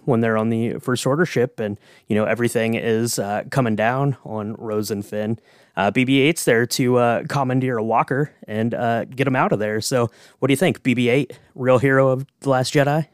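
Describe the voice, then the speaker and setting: A man hosting a podcast in a relaxed, easygoing way, with many fillers. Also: mid-range voice, moderate pace, clear, resonant tone, no room sound, clean studio sound. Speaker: podcast host. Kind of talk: casual podcast chat.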